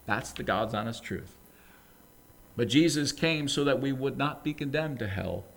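An earnest male preacher delivering a sermon. He talks plainly while he tells a story, then presses his points with emphatic, fervent exhortation. His voice sits at an ordinary middle pitch for a man. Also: vocal fry.

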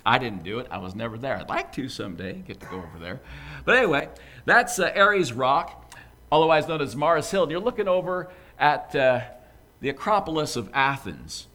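A man preaching a sermon in a church, conversational and animated, with frequent asides to the congregation. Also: mid-range voice, moderate pace. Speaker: pastor.

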